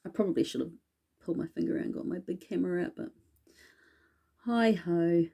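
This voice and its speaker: A woman with a low, mellow voice chats her way through a casual haul video. She rambles from one thing to the next and pokes gentle fun at herself, sounding like a witchcraft vlogger talking straight to her viewers. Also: fairly quick, creaky. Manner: chatty and rambling, self-deprecating. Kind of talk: casual haul vlog chat.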